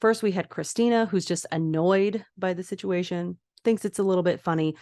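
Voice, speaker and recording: A podcast host talks through a TV episode in a casual, lively way. She acts out the characters' lines as she goes. Her voice sits fairly low, and it is recorded dry and close. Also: brisk, no room sound. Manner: animated, acts out quoted lines.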